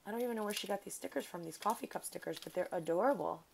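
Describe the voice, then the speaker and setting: A woman vlogger casually chatting as she unboxes craft mail at her desk, gushing and excitable, thanking over and over. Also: medium pitch, very fast, gravelly, slight background noise, low-quality recording.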